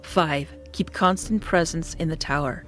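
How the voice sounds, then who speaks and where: A woman's voice: low voice, a little slow, a bit bright, soft background music. A woman voicing a cold, stern Russian woman soldier in her thirties, with a Russian accent and curt, clipped orders. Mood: cold, commanding.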